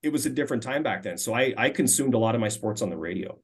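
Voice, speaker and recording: A man in his forties from Minnesota, a former hockey player and radio color commentator, telling stories in a relaxed interview, often stumbling and repeating words as he starts sentences. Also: medium pitch, fast, breathy edge. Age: 40s. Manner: relaxed, frequent stammered restarts. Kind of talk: casual storytelling interview.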